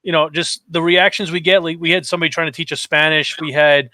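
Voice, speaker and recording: Guy on a gaming podcast, kinda high voice, acts out everyone's lines when telling stories. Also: fast talker, dry recording. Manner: animated storytelling, acts out quotes. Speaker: podcast co-host. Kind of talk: casual podcast chat.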